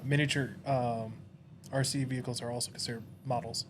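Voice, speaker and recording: A man's voice: mid-range voice, flat delivery, brisk, background noise. A man co-hosting a podcast in casual chat, speaking in a dry, matter-of-fact way with teasing asides. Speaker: podcast co-host.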